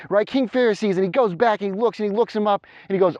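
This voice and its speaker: A man's voice: high voice, quick pace, no echo. Guy telling a motivational story while jogging uphill outside, dry dull lo-fi sound. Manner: animated, speaking while running uphill. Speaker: motivational coach. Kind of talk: energetic storytelling vlog. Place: outdoors on a steep mountain trail.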